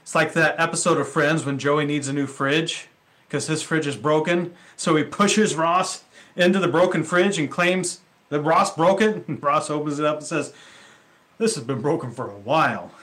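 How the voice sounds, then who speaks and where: Preaching in a relaxed, conversational style, this male pastor has a slightly high, fairly bright voice. His sermon is sprinkled with rhetorical questions and offhand remarks.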